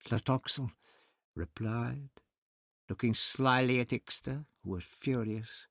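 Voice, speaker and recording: In this scripted audiobook narration, a man reads with a measured, expressive storytelling style. His voice leans low, and the sound is clean studio audio without echo.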